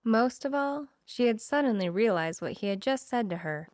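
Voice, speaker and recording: A woman narrating a romance audiobook, slowing down for the romantic moments. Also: on the high side, animated, darkish tone, dry recording, clean studio sound.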